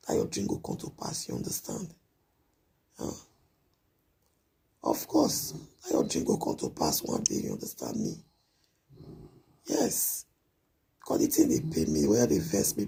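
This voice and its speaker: A man rants in a very deep, gravelly voice, his pitch leaping wildly up and down. He scolds and repeats himself in a late-night vlog monologue, and his voice sounds dark and husky. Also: wildly swooping pitch, moderate pace. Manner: ranting, repetitive, scolding. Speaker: live-video vlogger.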